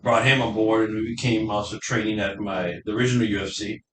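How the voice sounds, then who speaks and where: Man, middle-aged, low voice, halting, repeats words, host, echoey room, distant mic. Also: fairly even intonation, fairly bright tone. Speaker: podcast host and gym owner. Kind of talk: casual conversation. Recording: echoey room, away from the mic, faint noise.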